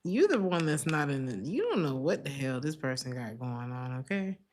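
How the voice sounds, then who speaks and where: A woman's voice: extremely low pitch, very animated, moderate pace, darkish tone, slight background noise. A woman giving a casual tarot reading, chatty and slangy, laughing often between remarks. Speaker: tarot reader.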